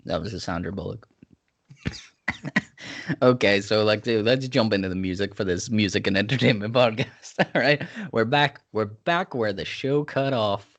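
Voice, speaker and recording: Low-voiced laid-back podcast host. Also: male voice, normal speed. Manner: rambling, laid-back, many fillers. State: sipping whiskey. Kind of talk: casual chat.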